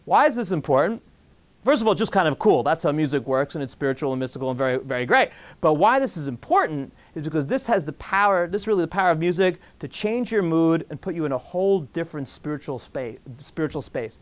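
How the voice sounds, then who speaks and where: A man, a rabbi, giving a jokey, animated talk to an audience, acting out little scenes and asking the room questions. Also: on the high side, fast. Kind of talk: lively lecture to an audience.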